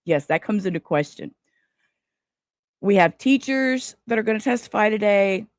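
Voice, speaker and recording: Rambling woman livestreamer, lively pitch. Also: moderate pace, no room sound, studio quality. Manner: rambling, scattered, swears casually. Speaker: livestream host. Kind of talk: casual livestream chat.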